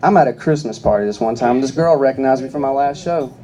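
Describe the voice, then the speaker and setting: A young man doing stand-up, telling stories in a profane, deadpan, conversational way. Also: medium pitch, fast, faint music behind. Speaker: stand-up comedian. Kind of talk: stand-up comedy storytelling.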